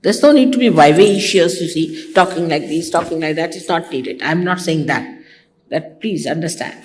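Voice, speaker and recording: A woman's voice: fairly low pitch, normal speed, darkish tone, a little hiss or hum. An older woman from India, a spiritual teacher giving a conversational devotional talk to her followers, teasing and mimicking others. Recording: archival talk recording.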